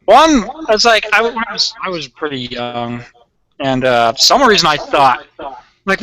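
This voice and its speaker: Young man, animator, casual chat, excitable, swears, high lively bright voice. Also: normal speed, rough recording.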